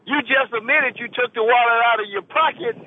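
A man with a Louisiana accent calls in to argue, his voice pitched very high and mocking. He jeers and interrupts over a thin, tinny phone line. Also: a little fast. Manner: combative, mocking, stammers at the start. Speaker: radio show caller. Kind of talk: call-in radio argument.

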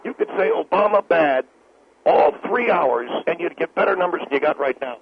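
A brash man phones into a talk radio show, sneering at callers and the host alike. His voice is slightly high and gravelly. It comes through a tinny phone line with faint hiss. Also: lively intonation, normal speed, no room sound. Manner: brash, condescending and insulting. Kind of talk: call-in talk radio banter.

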